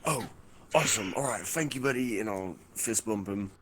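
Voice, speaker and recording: A man's voice: fairly low pitch, lively intonation, normal speed. A man playing a tabletop game, talking casually with slang. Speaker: player.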